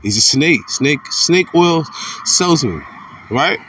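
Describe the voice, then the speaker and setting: A man giving an informal religious commentary monologue. He is blunt and profane, repeats himself, and swings between fired-up outbursts and low muttering. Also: lively intonation, takes it slowly, a bit bright, recorded from a distance, slight background noise.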